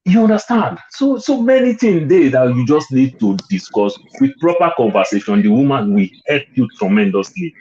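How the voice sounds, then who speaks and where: A man's voice: mid-range voice, big pitch swings, normal speed, hardly any pauses, a little mellow, muffled recording. A Nigerian man in casual conversation, slipping into Pidgin and making his points with emphasis. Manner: mixes in Pidgin, emphatic and persuasive. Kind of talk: casual chat.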